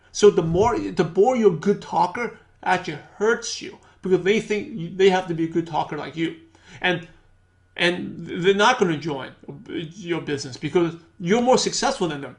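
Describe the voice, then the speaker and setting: A man teaching a sales training, energetic, repeating key points and acting out sample phone calls. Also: high-pitched. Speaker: business trainer.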